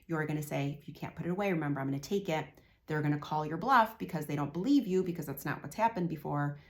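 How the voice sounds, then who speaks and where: A woman in her forties giving parenting advice as a coach, explaining calmly and acting out bits of dialogue between parent and child. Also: low-pitched. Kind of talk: direct-to-camera parenting advice.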